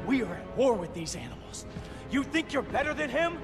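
A man's voice: very high voice, big pitch swings, fairly quick, heavily acted. An actor voicing an arrogant, cold young male assassin with a contemptuous tone in a video game. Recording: game audio with reverb and music. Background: game music.

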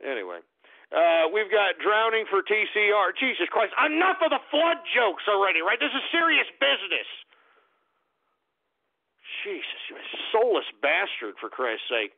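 Male radio host, high gravelly voice, exasperated profane rant on a tinny phone-like line. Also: huge pitch swings, normal speed. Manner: exasperated, profane, stammering outbursts. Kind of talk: angry ranting monologue.

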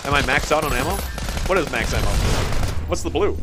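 A young man giving excitable, jokey commentary while playing a shooter, talking to himself as he plays. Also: medium pitch, fairly quick, noisy background. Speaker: gaming YouTuber. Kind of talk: let's play commentary. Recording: game gunfire loud behind voice. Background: game gunfire and explosions.

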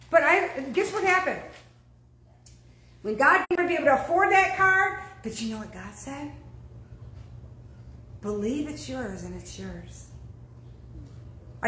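A woman pastor preaching a sermon, animated and throwing questions out to her congregation. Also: fairly high pitch, echoey room, low-quality recording.

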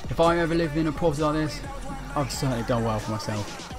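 A man's voice: fairly high pitch, fast talker. A young man giving casual, rambling let's-play commentary with lots of fillers. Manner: chatty, rambling, with many fillers. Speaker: gaming commentator. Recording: game music loud behind the voice.

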